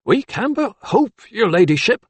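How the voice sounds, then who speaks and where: A small, anxious apothecary, as a male narrator voices him, grave and careful, pitched above the reader's own voice. The storybook reading is close and dry. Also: sing-song, measured pace, breathy edge, no echo, exaggerated voice.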